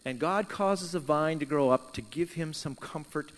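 A man preaching a sermon, telling a Bible story with lively emphasis and acting out the characters' words. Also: fairly high pitch, moderate pace, in a large hall. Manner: animated storytelling, voicing Jonah and God in quoted lines. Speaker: pastor.

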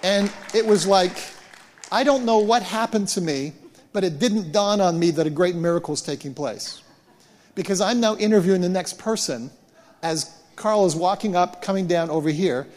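A man preaching as a pastor, retelling events in an animated way and often repeating words as he restarts. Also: sits high, moderate pace. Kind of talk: sermon storytelling. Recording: long hall reverb.

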